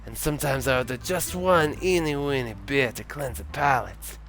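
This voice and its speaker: A boozy old Santa slurs his way through a grumbling rant in a vague European accent, as a male streamer puts him on for a game. The voice sits a bit higher than the performer's own and stays gravelly, with sudden foul-mouthed outbursts. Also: normal speed, fairly bright tone, faint music behind, close to an everyday voice. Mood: boozy rambling. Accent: vague put-on European accent. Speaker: streamer voicing a game character.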